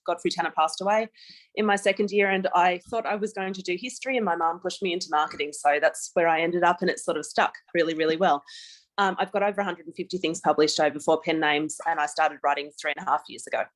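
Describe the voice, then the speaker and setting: A woman's voice: on the low side, fairly even intonation, quick pace. An Australian woman giving a chatty webinar presentation over a video call, laughing easily. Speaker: guest speaker.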